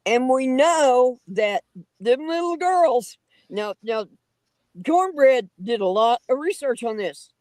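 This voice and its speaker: A woman telling her own encounter stories as a livestream guest, in a folksy, animated and dramatic way with rough grammar. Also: sits high, slow, no room sound, poor audio. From Oklahoma. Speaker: guest storyteller on a paranormal livestream. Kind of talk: casual livestream storytelling.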